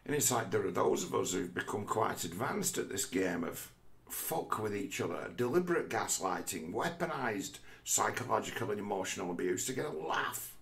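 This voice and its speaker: A man's voice: on the low side, lively intonation, normal speed, vocal fry, fairly bright tone. A man delivering a rambling philosophical monologue, swearing heavily and restarting his sentences often. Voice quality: heavy swearing, restless restarts. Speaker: vlogger.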